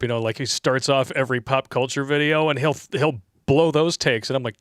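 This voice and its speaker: A man co-hosting a casual talk show, reading donations aloud, animated and profane with frequent laughter. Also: medium pitch, normal speed, no room sound, clean studio sound. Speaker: podcast co-host.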